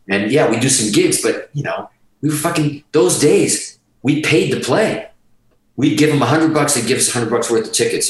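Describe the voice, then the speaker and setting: A man's voice: mid-range voice, reverberant, distant mic, poor audio. A man telling his story as a podcast guest, emphatic and rambling and swearing freely. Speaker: guest musician. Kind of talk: candid storytelling in a podcast interview.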